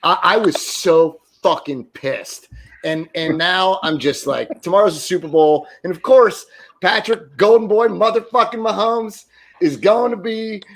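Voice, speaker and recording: A man's voice: high voice, measured pace. A man on a casual sports talk show, ranting with lots of swearing and stammered restarts, sounding exasperated.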